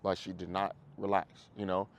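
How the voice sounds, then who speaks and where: A male dog trainer explains methods to his class in a loose, animated way, acting out what dogs and owners say. His voice sits low and has a gravelly edge, and he swears casually. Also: moderate pace. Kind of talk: casual coaching in a group class.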